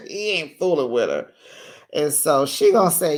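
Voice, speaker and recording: A host recapping a reality show in a casual, chatty way, with playful shade and lively asides. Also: mid-range voice, slow. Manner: animated, chatty, playfully shady.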